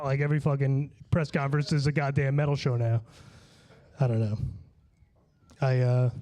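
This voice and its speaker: A man's voice: mid-range voice, steady tone, a little fast, dark tone. A man from Long Island doing a stand-up comedy set, slightly tipsy and slurring, with a loose, rambling delivery full of restarts and swearing. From Long Island, New York.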